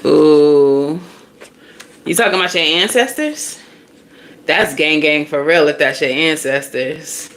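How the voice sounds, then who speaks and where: A woman reading tarot in a loose, chatty way, full of slang and quick laughs. Her voice sits a little low and stays animated and expressive. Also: slight background noise. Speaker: tarot reader.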